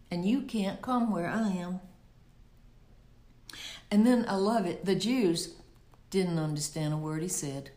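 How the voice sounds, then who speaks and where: A woman's voice: medium pitch, a little mellow, roomy sound. A woman giving a Bible teaching in a conversational preaching style, often asking rhetorical questions. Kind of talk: sermon.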